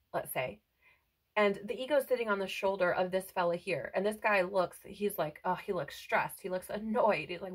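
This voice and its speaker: A woman's voice: mid-range voice, low-quality recording. A woman giving a spiritual tarot reading to her viewers, earnest and reassuring, often checking in with "right?". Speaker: tarot reader. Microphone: headphones on, close mic.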